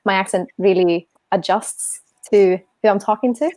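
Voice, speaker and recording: A woman's voice: medium pitch, normal speed, a little mellow, no room sound. A young woman from Sweden with a Swedish accent, chatting casually as a guest and laughing often. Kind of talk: casual chat.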